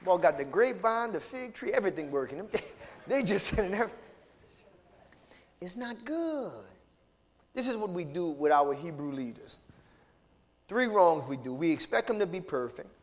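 A male pastor preaches in a church, calling out to his congregation and swinging from loud to hushed. His voice sits high. Long reverb trails every line. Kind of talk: sermon. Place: church sanctuary.

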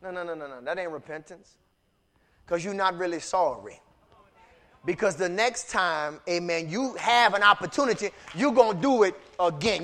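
A man preaching a sermon as pastor, animated, swinging from loud cries down to low, quiet lines. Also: normal speed. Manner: animated preaching, rising to shouts and dropping low.

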